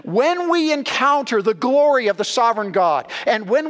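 A man's voice: high voice, lively intonation, normal speed, hardly any pauses, a bit bright, big-room sound. A man preaching a sermon as a guest pastor in a church, emphatic and repeating key words as he addresses the congregation as friends.

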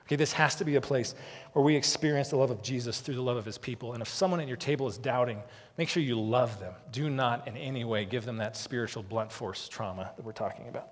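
Male pastor, mid-pitched voice, earnest preaching style, long hall reverb. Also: quick pace. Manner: earnest, repeats words when starting sentences. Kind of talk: sermon.

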